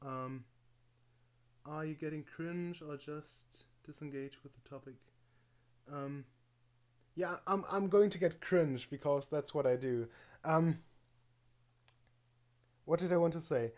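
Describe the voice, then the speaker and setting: A man's voice: a little high, takes it slowly, pauses often, darkish tone. A man streaming live, reacting to a video with rambling, mocking commentary, full of fillers and laughs.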